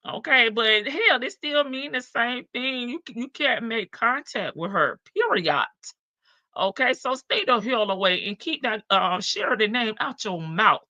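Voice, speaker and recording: Sassy woman streamer, bright voice. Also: on the high side, no echo, lo-fi sound. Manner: sassy, talks back to chat, laughs often. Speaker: live stream host. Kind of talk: casual commentary on jail calls.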